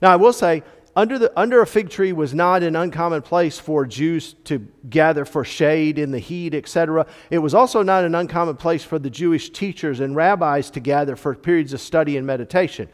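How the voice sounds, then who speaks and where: Male church teacher, explanatory and emphatic, somewhat high voice, recorded with a long hall tail. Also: brisk. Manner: explanatory, stressing key words, frequent fillers. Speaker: Bible study teacher. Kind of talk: teaching a church Bible class. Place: church classroom.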